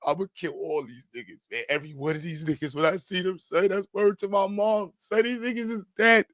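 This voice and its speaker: A man's voice: sits high, steady tone, fairly quick, fairly bright tone, no echo. A man voicing a drunk, furious man who is crying and muttering threats in a parked car. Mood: weepy rage.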